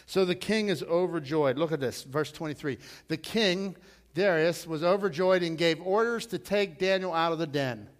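Male pastor, middle-aged, slightly high voice, sermon, storytelling, repeats words, loud quoted lines. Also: moderate pace.

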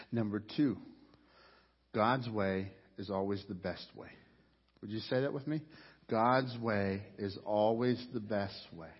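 A man preaching a sermon with great passion, rising to loud cries as he voices people's complaints to God. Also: lowish voice, breathy edge. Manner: impassioned preaching, rising to near shouts when voicing complaints to God. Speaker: pastor. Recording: dull sound with long hall reverb.

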